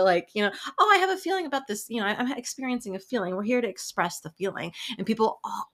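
A woman's voice: medium pitch, fairly bright tone. A woman who works as an emotional health specialist, talking casually about breathwork with lots of swearing, jokes and laughter. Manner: profane, playful, laughs often. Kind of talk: casual spoken talk.

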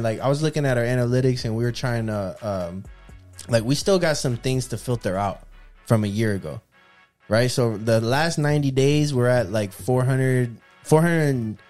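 A man's voice: mid-range voice, a little mellow. A man co-hosting a podcast, chatting casually in a rambling, slang-heavy way. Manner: laid-back, slangy, rambling. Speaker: podcast co-host. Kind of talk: casual chat.

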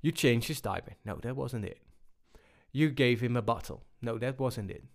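A man giving a personal talk on balance, unhurried and full of pauses and restarts. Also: mid-range voice, creaky. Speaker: speaker on balance.

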